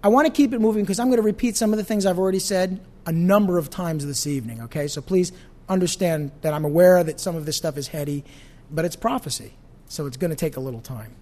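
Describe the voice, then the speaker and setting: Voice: medium pitch, quick pace, dark tone. A pastor teaching an evening Bible study in a conversational way, often asking the audience questions.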